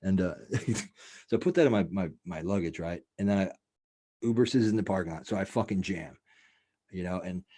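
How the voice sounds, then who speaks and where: A man hosting a casual podcast, telling a wild story in a profane, rambling, animated way. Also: deep voice, moderate pace. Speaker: podcast host.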